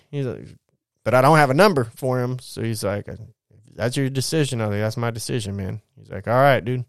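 Young guy swearing a lot as he tells his story, smooth voice, dry sound. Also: on the low side, fast, dry recording. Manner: blunt, profane, many restarts. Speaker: vlogger telling his life story. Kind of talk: casual storytelling.

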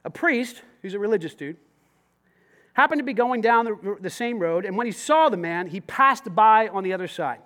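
A man delivers a sermon in a church, his voice pitched unusually high. He preaches in a lively, conversational way, dropping in casual slang as he talks to the congregation. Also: normal speed. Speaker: pastor.

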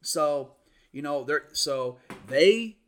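Bright-voiced man excitedly retelling a movie. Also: on the high side, slow pace, faint music behind. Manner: excited retelling, acting out lines. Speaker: movie reviewer. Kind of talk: casual chat.

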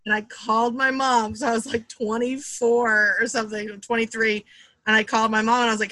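Woman, thirties, from Boston, comedian guest, bright voice, fairly high, dry close sound, lively storytelling. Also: no echo. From Boston area. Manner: animated, quick storyteller acting out quotes. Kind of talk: casual storytelling chat.

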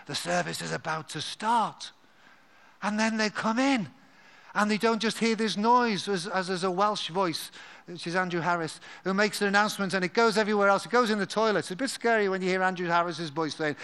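A man preaching a live sermon in a church, animated and dropping to a hushed, confiding voice at times. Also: high-pitched, a little fast. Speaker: pastor.

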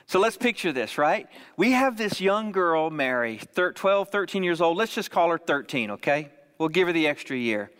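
A man's voice: on the high side, sing-song, moderate pace, few pauses, a bit bright, smooth, long reverb tail. A man preaching a sermon in a conversational way, often checking in with "right?". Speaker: pastor.

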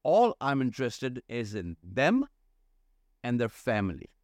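Slow, earnest man speaking in a dry room. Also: medium pitch, huge pitch swings, no room sound. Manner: slow, earnest, repeats phrases for emphasis. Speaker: church leadership consultant, guest. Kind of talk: podcast interview.

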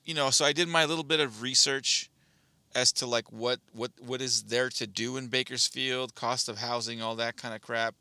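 A man from Southern California talks through a personal story on a podcast, easygoing and full of pauses. His voice has a bright, forward edge. It sits at a middle pitch and is recorded dry and close. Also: fairly even intonation, no room sound. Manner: laid-back, storytelling, hesitant fillers. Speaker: podcast co-host. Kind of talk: casual chat.

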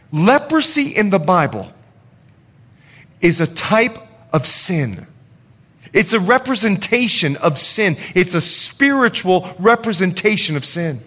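Dynamic preacher man with a higher voice. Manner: dynamic, swings from loud urgency to hushed confession. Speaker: pastor. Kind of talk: sermon.

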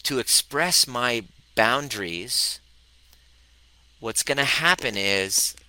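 A man in his thirties giving a live-streamed relationship coaching talk, animated, swearing freely and acting out both sides of conversations. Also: mid-range voice, slow pace, low-quality recording.

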